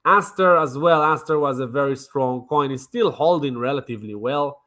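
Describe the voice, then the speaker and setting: A man's voice: mid-range voice, normal speed, pushed and bright. A man streaming crypto trading commentary in a brash, mocking way, swearing and repeating himself. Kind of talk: casual livestream commentary.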